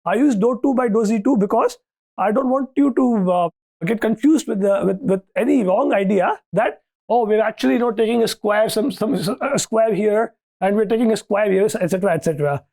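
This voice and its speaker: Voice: mid-range voice, fairly quick, a little mellow. A lecturer giving a university lecture, thinking aloud with restarts and often asking "okay, right?" to check that students follow.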